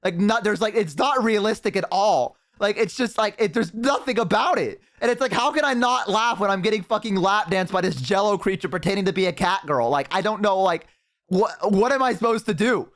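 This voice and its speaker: A man streaming from a headset mic, telling his chat a story in a loose, swear-heavy way. He keeps breaking into big, loud laughs, and his voice sits a little high for a man. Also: brisk. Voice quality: profane, laughs hard and loud.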